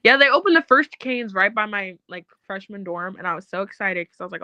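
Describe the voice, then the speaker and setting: A woman's voice: mid-range voice, animated, brisk, few pauses, pushed and bright, dry recording, poor audio. A young woman co-hosting a casual chat, blunt, profane and joking. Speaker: podcast co-host.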